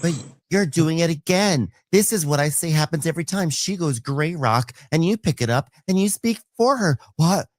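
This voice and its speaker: A man's voice: on the high side, lively intonation, moderate pace, no echo. A man co-hosting a casual reality-show recap in a wry, amused way. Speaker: podcast co-host.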